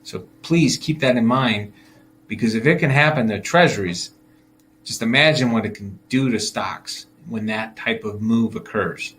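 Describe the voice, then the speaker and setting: Man, financial advisor, casual market commentary, chatty and loose, mid-pitched voice, faint hiss behind. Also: unhurried, a bit bright. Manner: chatty, laughs while acting out investors' thoughts.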